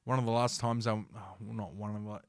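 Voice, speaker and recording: Speaking fast in a lowish, clean-toned voice with a flat delivery, an Australian-accented podcast host from South Australia winds through a profane, rambling livestream story full of restarts and fillers. The studio recording has no echo.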